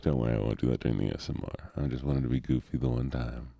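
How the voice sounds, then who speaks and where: A man streaming a video game and chatting with his viewers, soft-spoken and goofy, close to the microphone. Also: rumbling low, fairly even intonation, quick pace, gravelly, no echo. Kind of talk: soft-spoken gaming livestream chat.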